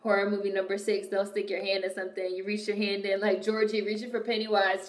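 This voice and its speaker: A young woman streaming and chatting casually with her viewers, telling animated stories full of swearing. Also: mid-range voice, fast talker. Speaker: streamer reacting to a movie and reading chat. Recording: echoey room.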